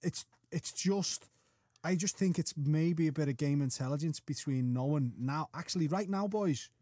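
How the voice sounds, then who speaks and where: A man's voice: on the high side, normal speed, warm tone, no room sound. A man, a panellist on a football podcast, talking bluntly and swearing with passion.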